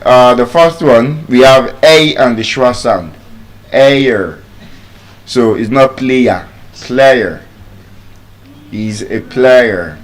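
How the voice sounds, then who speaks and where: A man with a Nigerian accent teaching English pronunciation, drilling words by repeating them. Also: medium pitch. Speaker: pronunciation coach. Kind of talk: spoken English lesson.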